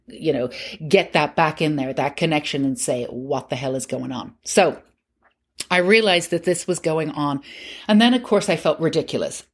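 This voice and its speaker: A middle-aged woman hosting a podcast and telling a personal story in a candid, conversational, self-mocking way. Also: low-pitched. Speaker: podcast host.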